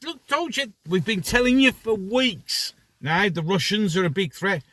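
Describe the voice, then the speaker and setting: A man putting on a mocking voice for a pushy government warmonger, high-pitched and overblown. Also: animated, a little slow, full character voice. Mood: sneering.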